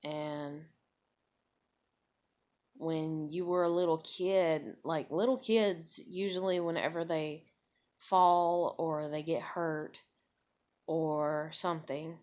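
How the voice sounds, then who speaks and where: A woman vlogger vents to the camera about something personal, angry and blunt, swearing often. Her voice sits low with a darkish tone.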